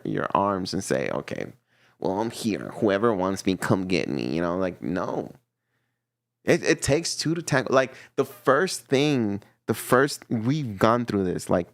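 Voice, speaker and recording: A man giving a casual tarot reading to camera, animated and teasing, often laughing and acting out little voices. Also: on the low side, dry recording, clean studio sound. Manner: teasing, playfully scolding. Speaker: tarot reader.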